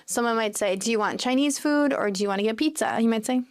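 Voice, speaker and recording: A woman's voice: a little high, fast talker, smooth, soft background music. A woman teaching everyday English phrases, explaining each one and acting out short example exchanges.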